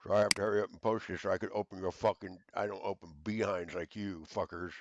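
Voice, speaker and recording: A man's voice: low voice, little pitch movement, fast talker, lo-fi sound, slight background noise. A man in an angry, profane rant to camera, stammering through fillers and hurling accusations. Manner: shouting accusations, stammering fillers, heavy cursing.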